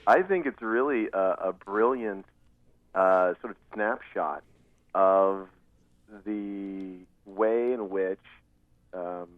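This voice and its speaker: A man co-hosts a radio talk show while calling in from outside, chiming in often with agreement. His voice sits on the low side and sounds dry. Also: slow pace, no echo, narrow, tinny audio. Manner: affirming, chiming in. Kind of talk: casual talk show chat.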